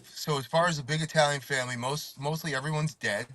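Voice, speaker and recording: A man co-hosting a live fitness chat show, telling stories in an animated way and swearing freely. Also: on the high side, fast, no room sound. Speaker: podcast co-host. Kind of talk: casual chat.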